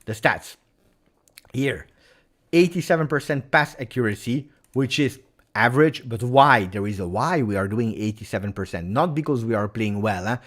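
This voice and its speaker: A man's voice: medium pitch, animated, moderate pace. A man hosting a live football reaction stream, agitated and emphatic, repeating his points. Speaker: football channel host.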